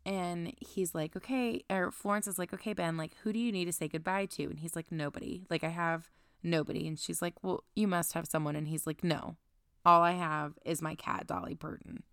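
A woman's voice: lowish voice, steady tone, fairly quick, clean tone, dry recording, clean studio sound. A young woman co-hosting a casual book podcast, chattily recapping the plot with lots of "like". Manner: chatty, recaps plot with quoted asides and frequent "like". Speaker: podcast co-host.

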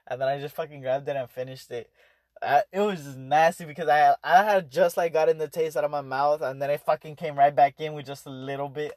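A man's voice: fairly high pitch, a little fast, a little mellow, dry recording, studio quality. A young adult man telling a story in a rambling, casual way, swearing often and restarting his sentences. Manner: profane, rambling, full of fillers and restarts. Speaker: vlogger.

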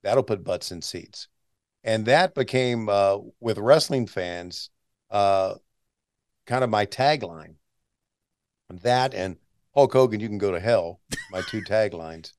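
A veteran announcer in his sixties, appearing as a guest, tells stories in a casual interview, restarting sentences and chuckling. His voice is on the low side, slow, and darkish, with a dry, clean studio recording.

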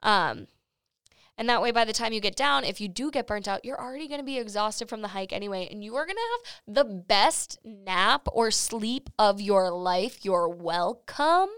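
A woman's voice: mid-range voice, lively intonation, normal speed, fairly bright tone, clear, resonant tone, no echo. A young woman hosting a podcast, chatting casually with giggles and swearing. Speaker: podcast host. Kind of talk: casual chat. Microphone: studio microphone.

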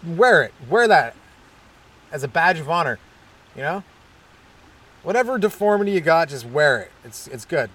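A male comedian tells rambling, self-deprecating stories in a loose stand-up style. His voice sits a little high for a man and keeps jumping around with hyperactive energy. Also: very animated, moderate pace, pauses often, fairly bright tone, breathy edge. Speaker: stand-up comedian and podcast host. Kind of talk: stand-up style comic monologue.

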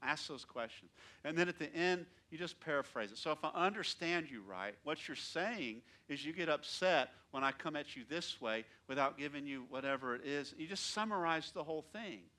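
A man who is a pastor, preaching a sermon in church, swinging between loud emphatic lines and soft, quiet asides. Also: fairly high pitch, animated, normal speed.

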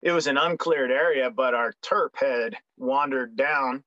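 A man's voice: mid-range voice, unhurried, bright, forceful tone, no echo. A young man, a military veteran guest, telling his story in a frank, joking way with many ums and restarts. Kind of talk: casual storytelling interview. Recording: dry, slightly dull recording.

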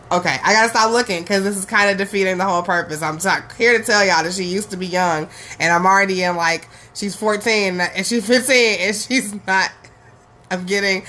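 A woman's voice: on the low side, a bit bright, a little hiss or hum. A woman hosting her own podcast, talking in a casual, profane, rambling way with laughing asides. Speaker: podcast host. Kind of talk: casual solo podcast rant.

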